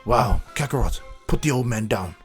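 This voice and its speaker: A man's voice: medium pitch, expressive, moderate pace, faint music behind, lightly acted. A man voicing a proud, smug male rival fighter who taunts his old opponent.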